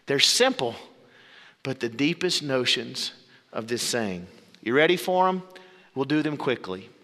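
A man preaching a sermon as pastor, with dramatic pauses and sudden drops to low, quiet phrases. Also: animated. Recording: long reverb of a big hall.

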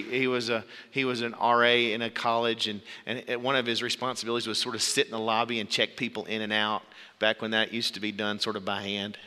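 A man's voice: medium pitch, big-room sound. A man preaching a sermon, earnest, telling stories to make his point. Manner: earnest, storytelling, shouts out quoted voices.

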